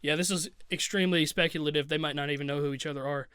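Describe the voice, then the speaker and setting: A man's voice: a little high, steady tone, rapid-fire, fairly bright tone, smooth, no room sound, studio quality. A man co-hosting a casual music reaction chat, joking, laughing often and swearing.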